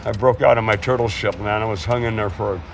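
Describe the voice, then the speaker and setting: Against a noisy background, a man in his sixties speaks on the low side, fairly quick and creaky. He's a boat owner interviewed outdoors at home and the harbor, chatting frankly, rambling, and laughing often.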